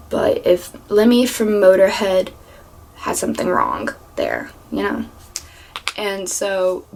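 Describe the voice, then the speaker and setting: A young woman tells stories from her job in a loose, animated storytime vlog and swears freely along the way. Her pitch sits right in the middle for a woman. A faint steady hum runs under her voice. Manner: animated, swears freely, drops to whispers for asides. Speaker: vlogger. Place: home room with a fan.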